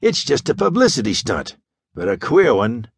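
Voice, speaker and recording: A man narrating an audiobook and voicing a stocky, gruff male first mate of a spaceliner who speaks in blunt, dismissive orders. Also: medium pitch, wildly swooping pitch, moderate pace, no echo, clean studio sound, full character voice.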